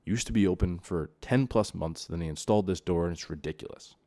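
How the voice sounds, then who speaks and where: A man with a deep, dark voice delivers a solo podcast rant. He sounds exasperated, circles back over the same points, and pushes louder as he gets heated. The sound is close and dry, with no room echo. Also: fairly quick. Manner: exasperated, repeats himself, grows louder when heated. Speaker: podcast host. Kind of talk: solo ranting monologue.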